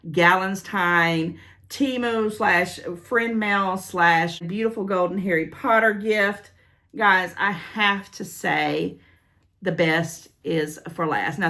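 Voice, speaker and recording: A middle-aged woman vlogging as she opens gift mail, chatty and rambling, gushing to her friend and her viewers. Her voice is a little low in pitch but very bright and forward. She talks casually and spills into long stories. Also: gravelly. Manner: squealing with excitement. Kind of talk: casual unboxing vlog.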